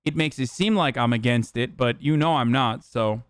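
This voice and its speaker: A man's voice: medium pitch, moderate pace, clear, resonant tone, dry recording, studio quality. A man streaming live, answering chat in a sarcastic, profane, mocking way. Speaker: streamer reacting to chat and clips. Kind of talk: casual live-stream commentary.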